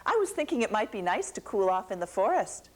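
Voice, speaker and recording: A woman voicing a quiet, shy little female bush deer in a told folktale, calm and dryly unimpressed. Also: mid-range voice, fairly quick. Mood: deadpan.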